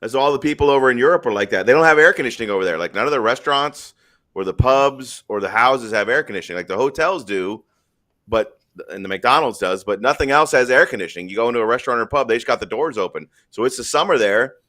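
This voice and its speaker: A man's voice: medium pitch, animated, fast talker, sharp tone. A man hosting a live stream in casual chat, rambling through stories in a blunt, profane way.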